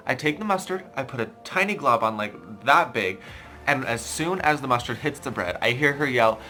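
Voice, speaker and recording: A young man vlogging a casual story in an animated, exasperated, self-mocking way. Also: medium pitch, moderate pace, soft background music. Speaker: YouTuber.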